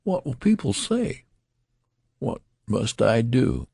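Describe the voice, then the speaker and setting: A flustered, ashamed father, voiced by a man reading an audiobook, stammers and hurries in a deep, gravelly, animated voice. The recording is close and dry. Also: a little slow, no room sound, heavily acted. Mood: horrified.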